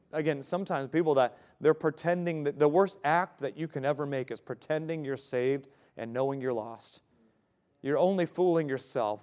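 Male pastor preaching, earnest and direct, slightly high voice, asks the congregation questions. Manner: earnest preaching with rhetorical questions and light laughs. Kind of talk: sermon.

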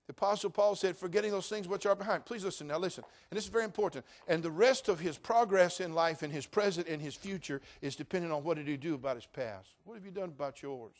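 A middle-aged male pastor preaching a sermon, shifting from quiet storytelling to loud exhortation. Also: sits high, fast, hardly any pauses.

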